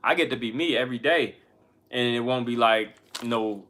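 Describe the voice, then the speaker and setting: A man's voice: mid-range voice, normal speed, fairly bright tone, slight background noise. A man who makes music, talking candidly to his viewers in slangy, profane everyday speech. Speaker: music artist and channel host. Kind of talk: casual motivational talk to camera.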